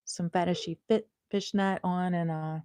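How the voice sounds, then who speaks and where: A young woman hosting a casual home livestream, chatting playfully and drifting into soft murmurs, recorded on a small clip-on mic. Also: on the low side, steady tone, normal speed, clear, resonant tone, no echo. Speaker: host.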